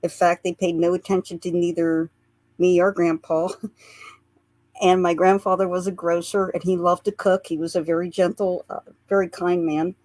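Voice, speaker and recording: A woman with a lowish voice tells a long personal story as a radio guest. She speaks earnestly and laughs softly at the funnier memories. Her voice is close and dry on a studio mic. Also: flat delivery, normal speed, no room sound. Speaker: guest, psychic portrait artist. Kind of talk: recounting past-life memories in a radio interview.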